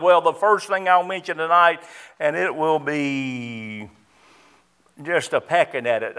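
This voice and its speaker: A man's voice: on the high side, pushed and bright, clean tone. A middle-aged man preaching a sermon as pastor, emphatic and repetitive, stressing key words.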